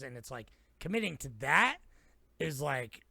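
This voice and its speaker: A man's voice: a little high, big pitch swings, moderate pace, vocal fry, sharp tone, breathy edge, no room sound. A man co-hosting a podcast, chatting casually about a film in a laid-back way, laughing often and trailing off. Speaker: podcast co-host.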